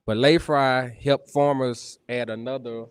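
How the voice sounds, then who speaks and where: A man researcher on a live panel broadcast, talking in a relaxed, casual way with some hesitations. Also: medium pitch, measured pace, clear, resonant tone, no room sound, clean studio sound. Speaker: research enologist.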